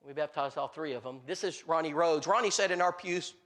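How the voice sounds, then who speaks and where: A man's voice: a little high, brisk. A man preaching a sermon and telling stories, acting out the people in them, with many restarts and fillers. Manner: animated, acts out the people in his stories; frequent restarts and filler words. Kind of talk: storytelling sermon.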